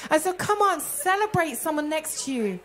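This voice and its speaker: High-voiced woman preaching. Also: normal speed. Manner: animated, laughing, acting out quoted voices. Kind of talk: sermon.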